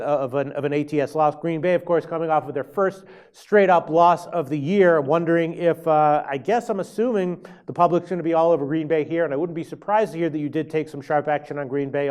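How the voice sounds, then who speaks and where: A man hosting an interview, asking brisk, leading questions. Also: on the high side. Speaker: host. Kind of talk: interview host.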